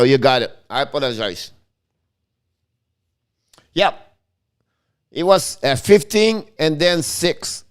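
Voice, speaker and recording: A middle-aged man hosting a casual live hockey stream, talking excitably and often restarting and correcting himself. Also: on the high side, slow, pauses often, clear, resonant tone.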